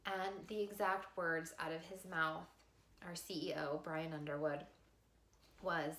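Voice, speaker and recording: A woman vlogger telling a personal story to camera in a heartfelt, expressive way. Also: deep voice, unhurried, echoey room. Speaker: vlogger sharing a life lesson.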